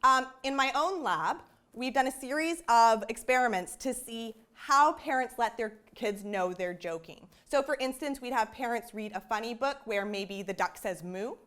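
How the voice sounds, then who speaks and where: Higher-voiced woman explaining research. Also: expressive, normal speed, fairly bright tone. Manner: explanatory, conversational, with frequent "you know" asides. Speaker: developmental psychologist giving a talk. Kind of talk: public science talk.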